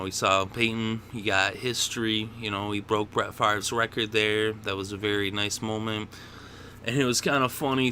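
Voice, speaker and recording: A man's voice: on the low side, bright, forceful tone, slight background noise. A man hosting a solo football picks show, opinionated and prone to worked-up rants. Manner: opinionated, gets worked up and ranting. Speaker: sports picks host. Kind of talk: solo sports commentary.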